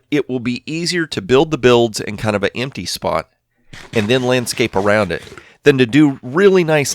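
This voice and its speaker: Male gaming host, lowish voice, dry close mic, chatty and rambling. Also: no room sound. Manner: rambling, self-talking, thinks aloud. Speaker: Minecraft let's play host. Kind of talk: casual gameplay commentary.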